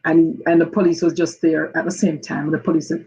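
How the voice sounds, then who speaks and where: Halting woman with a gravelly voice. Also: sits low, level tone, dark tone. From Jamaica. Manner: halting, many restarts and fillers. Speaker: guest. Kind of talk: personal testimony. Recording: dull lo-fi audio.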